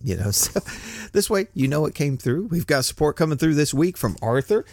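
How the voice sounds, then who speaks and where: A man's voice: fairly high pitch, very animated, a little fast, dry recording, studio quality. An older man hosting a podcast, talking in a rambling, folksy way and chuckling often. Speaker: podcast host. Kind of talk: casual solo podcast monologue.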